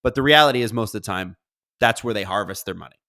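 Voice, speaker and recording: A man's voice: fairly low pitch, fast, sharp tone. A man hosting a casual live stream, reading viewer comments aloud and riffing on them in a chatty way. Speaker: livestream host.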